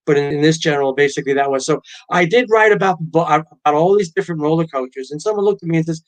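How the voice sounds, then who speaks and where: A man's voice: on the high side, quick pace, few pauses. A middle-aged man, a guest author and pilot, telling stories in a casual interview and acting out quotes. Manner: animated storyteller, acts out quotes.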